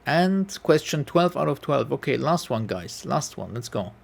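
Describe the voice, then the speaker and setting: Guy with a gravelly voice talking through a piano quiz, musing and second-guessing himself. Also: mid-range voice, sing-song, moderate pace. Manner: musing, self-correcting, hums melodies. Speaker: piano YouTuber taking a quiz. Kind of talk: casual thinking aloud.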